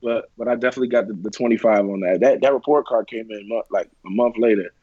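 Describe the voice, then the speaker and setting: Man, co-host, husky voice, dull dry recording, teasing stories. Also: lowish voice, quick pace, dark tone, dry recording. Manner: teasing storyteller. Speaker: podcast co-host. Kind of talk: casual chat.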